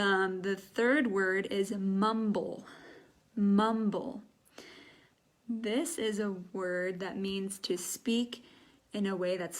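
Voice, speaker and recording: Slow, patient woman teaching English. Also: mid-range voice. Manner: slow, patient, demonstrates sounds aloud. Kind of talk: live online English lesson.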